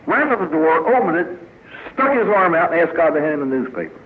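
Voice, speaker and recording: A priest giving a humorous inspirational talk at a recovery meeting, telling stories with punchlines and acting out the people in them. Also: male voice, fairly high pitch, big pitch swings, quick pace. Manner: storytelling with punchlines, voices quoted characters. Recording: tinny lo-fi archive recording with faint hiss.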